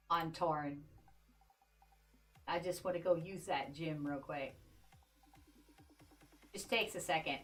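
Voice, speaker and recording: A woman's voice: medium pitch, a bit bright. Woman chatting to her stream while she plays, jokey and talky, faint music behind. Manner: chatty, joking asides to chat. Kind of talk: casual gameplay livestream chat.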